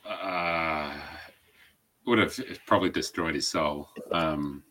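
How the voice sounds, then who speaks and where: Give me a deep-voiced male co-host with short dry replies, a sharp bright tone. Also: slow. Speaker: podcast co-host. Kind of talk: casual chat.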